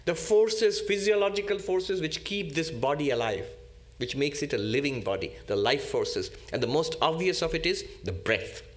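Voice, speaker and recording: Deliberate teacherly monk, fairly high voice. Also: male voice, animated. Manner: deliberate, teacherly, repeats key terms. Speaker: monk giving a spiritual talk. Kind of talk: spiritual lecture.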